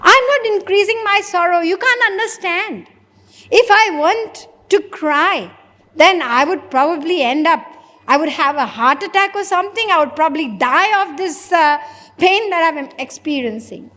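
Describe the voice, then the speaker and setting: A distraught grieving man, pleading and defensive as he explains his tears, put on by a woman preacher. The voice sits high, and a long hall reverb trails behind every word. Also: lively intonation, normal speed, sharp tone, exaggerated voice.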